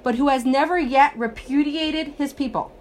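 Woman teacher telling stories, slightly high voice. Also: moderate pace, slight background noise. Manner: storytelling, acts out voices, emphatic. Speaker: religious teacher.

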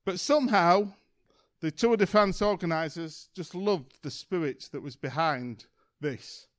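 A man speaks to his church in a slightly higher-than-usual voice. He tells a story in a relaxed, chatty way, full of ums and kind-ofs. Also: a little slow. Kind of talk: informal church talk.

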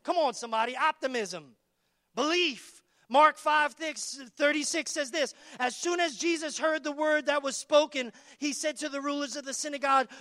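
A man with a very high, bright voice delivers a sermon. He preaches emphatically, repeating phrases and calling out to the congregation, recorded dry and close. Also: normal speed, no room sound. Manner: emphatic, repetitive call-and-response preaching.

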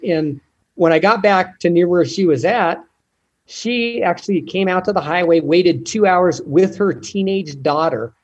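A man from the United States telling animated stories in an interview, acting out the people he met with quoted lines and laughter. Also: on the high side, highs cut off. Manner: animated, retells encounters with quoted dialogue and laughs. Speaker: guest, ultrarunner. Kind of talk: storytelling in an interview.

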